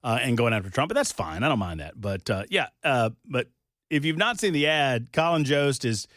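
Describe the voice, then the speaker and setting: Animated male talk radio host. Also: medium pitch, moderate pace, dry recording, studio quality. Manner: chatty, rambling, animated retelling. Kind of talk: casual on-air banter. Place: radio studio.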